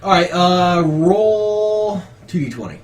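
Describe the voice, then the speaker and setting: A man's voice: sits high, lively intonation, slow, crowd noise. A man narrating a tabletop game as game master, describing scenes and calling for dice rolls.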